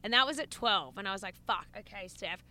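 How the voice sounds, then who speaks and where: A young woman, co-hosting a casual podcast chat, animated and swearing a lot as she laughs through a story. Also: mid-range voice, brisk. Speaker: podcast co-host. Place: inside a car. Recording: car recording with road noise.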